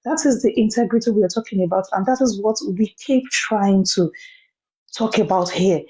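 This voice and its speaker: A woman's voice: medium pitch, moderate pace, warm tone, lo-fi sound. A woman joining a live stream to give earnest, preachy commentary, repeating points for emphasis. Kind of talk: impassioned commentary.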